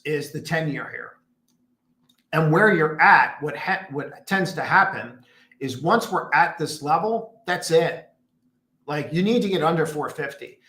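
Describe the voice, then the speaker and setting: A man's voice: a little high, pushed and bright. A man hosting a casual trading livestream from home, talking in a rambling, emphatic way with mumbled asides. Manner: rambling, emphatic, mutters asides to his screen. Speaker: trading stream host. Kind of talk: casual market analysis livestream. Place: home room in a condo. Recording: roomy echo.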